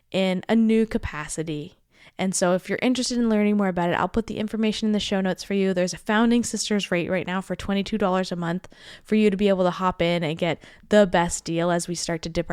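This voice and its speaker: Young woman podcast host, smooth clear voice, earnest and enthusiastic, dry close-mic sound. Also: on the low side, darkish tone, no room sound. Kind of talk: solo podcast monologue.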